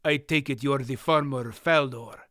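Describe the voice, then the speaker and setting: A man's voice: mid-range voice, normal speed, sharp tone, no echo, studio quality, close to an everyday voice. A man reading as a cold, curt, scarred foreign male merchant with a heavy accent.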